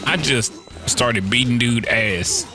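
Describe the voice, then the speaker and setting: A man riffing over a fighting game in loose, slang-heavy banter, cursing and ribbing the characters on screen. His voice sits at an ordinary middle pitch with a relaxed, casual delivery. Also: slow pace, loud music behind the voice. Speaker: let's play gamer. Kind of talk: casual gameplay commentary.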